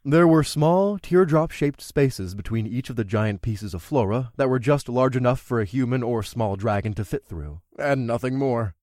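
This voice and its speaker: A man's voice: medium pitch, lively intonation, normal speed, hardly any pauses, a little mellow, no room sound, studio quality. Wry male fantasy audiobook narrator. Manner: wry, conversational. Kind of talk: first-person audiobook narration.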